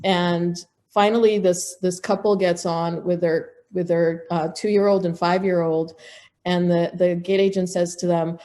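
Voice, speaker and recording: A middle-aged woman, a podcast guest, telling a personal story in a lively way with restarts. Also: on the low side, measured pace. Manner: animated, acts out quoted dialogue, frequent restarts. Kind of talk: casual storytelling in an interview.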